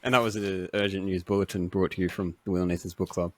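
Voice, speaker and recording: A man's voice: sits low, quick pace. Joking, swearing Australian young man. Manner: joking, profane, animated. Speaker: podcast co-host. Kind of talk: casual chat.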